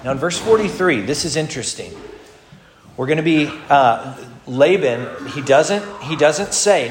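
A male pastor with a slightly high voice teaches through scripture in a loose, conversational way, often restarting his phrases. His words echo around a roomy church hall over a faint background hiss. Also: lively intonation, normal speed. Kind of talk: expository sermon.

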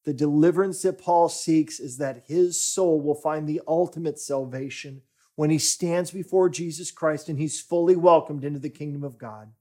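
A male pastor delivers a sermon at an unhurried, deliberate pace. His voice sits a little high for a man, and he builds to emphatic declarations before dropping to soft near-whispers. The whole delivery stays earnest and measured. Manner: slow, deliberate preaching that swells for emphasis and drops to near-whispers.

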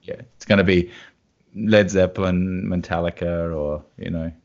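A man's voice: deep voice, moderate pace. A man with an Australian accent, a guitarist telling stories and laughing in a casual chat. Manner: animated anecdotes with laughs. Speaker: guest guitarist. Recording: dull lo-fi sound.

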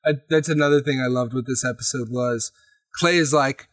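A man's voice: medium pitch, a little fast, no echo. A man on a podcast recapping a tabletop game session in casual chat, swearing freely and acting out what others said. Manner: animated, swears often, acts out quotes.

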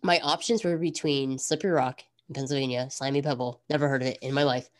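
A thirtysomething woman hosts a podcast in a very deep voice, talking quickly. Her casual chat is reflective and animated, rambling along with many asides.

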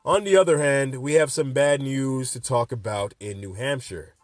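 A man's voice: mid-range voice, normal speed, no room sound, faint music behind. A man in his twenties hosting a podcast, rambling through a late-night rant in a jokey, sarcastic way. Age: 20s. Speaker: podcast host.

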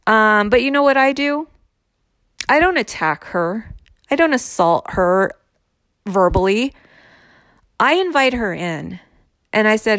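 A woman's voice: medium pitch, animated, slow, pauses often, a bit bright, no echo, studio quality. A woman in her thirties telling a personal story candidly, in a conversational way with frequent fillers.

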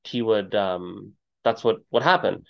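A man hosting a podcast interview in a relaxed conversational way, telling stories and acting out what people said with sudden jumps in his voice. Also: a little slow, creaky, highs cut off. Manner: storytelling, acts out quotes with big pitch jumps. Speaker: podcast host.

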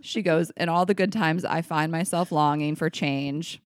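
A woman's voice: fairly even intonation, normal speed, no echo, studio quality. A woman co-hosting a podcast, reading listener messages aloud in casual chat and often breaking into laughter. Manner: giggly, breaks into high laughter. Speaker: podcast co-host.

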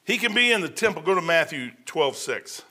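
A preacher in his fifties or older gives an informal sermon in a fairly high, sing-song voice that sounds pushed and bright. He rambles conversationally, loses his place in his notes, and acts out the people in his stories with quick changes of voice.

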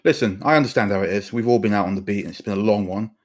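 A man's voice: lowish voice, rapid-fire, natural voice. A man voicing a tired male police sergeant, diplomatic and apologetic. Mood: placating.

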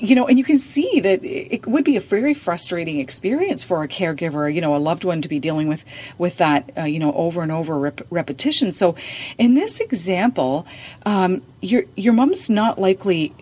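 A woman's voice: fairly low pitch, animated, normal speed, darkish tone, slightly rough. A woman giving practical advice on dementia caregiving, speaking hesitantly with frequent fillers and restarts. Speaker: dementia care advisor. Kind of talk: advice in a podcast conversation.

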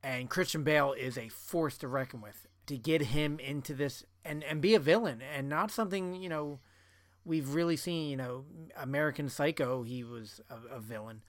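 A man's voice: medium pitch, normal speed, dry recording. A man co-hosting a podcast in casual chat, talking in a loose, chatty way full of fillers. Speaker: podcast co-host.

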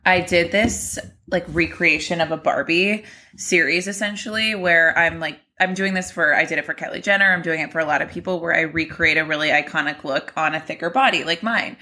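A woman's voice: sits low, brisk, sharp tone. A woman around thirty co-hosting a podcast, chatting casually and earnestly, saying "like" often. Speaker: podcast co-host. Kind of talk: casual chat.

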